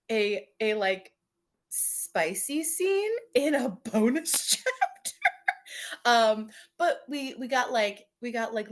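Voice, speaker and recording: Chatty young woman talking books. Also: medium pitch. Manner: chatty, many fillers and restarts, laughs often. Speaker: podcast co-host. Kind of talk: casual book discussion.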